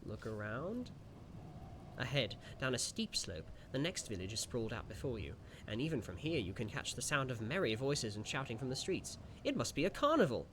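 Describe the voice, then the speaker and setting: A man streaming a gamebook playthrough, reading the passages aloud and musing between them in an animated way. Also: mid-range voice, normal speed, background noise.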